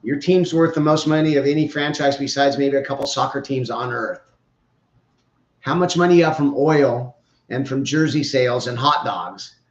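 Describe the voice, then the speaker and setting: A man's voice: medium pitch, moderate pace. A man hosting a podcast, giving opinionated, rambling, joking sports commentary. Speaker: podcast host. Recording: roomy, dull lo-fi sound.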